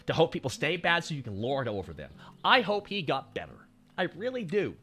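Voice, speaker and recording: A man's voice: fairly high pitch, sing-song, fairly quick, a bit bright, breathy edge, soft background music. A young man, telling a story casually on stream in a profane, rambling way.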